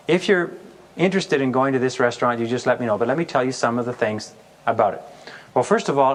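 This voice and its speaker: A man giving a sales seminar, telling stories and acting out the customer's answers with amusement. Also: mid-range voice. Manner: storytelling, acts out customer voices. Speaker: sales trainer. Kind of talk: recorded sales seminar talk.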